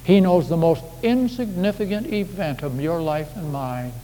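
A male pastor delivers a sermon in a relaxed, storytelling manner, his voice sitting a little higher than most men's. The recording carries the long reverb of a church sanctuary. A faint hiss runs underneath. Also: moderate pace. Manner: folksy, conversational preaching with anecdotes. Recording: echoey hall with faint background hiss.

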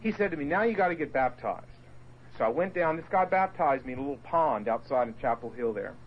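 A man from the Portsmouth, Virginia area telling his conversion story to a group, storytelling with lively voiced quotes and asides. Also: mid-range voice, fairly quick, lo-fi sound, slight background noise. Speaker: speaker giving his testimony. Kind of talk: animated personal testimony to a group.

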